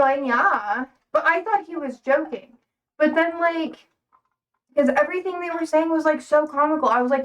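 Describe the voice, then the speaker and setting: A young woman with a high voice chats loosely on a livestream, full of fillers and quick laughs. She rambles from one thought to the next. Her voice sits slightly back from the mic. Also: far from the mic. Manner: chatty, laughs often, rambling with many fillers. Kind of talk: casual livestream chat.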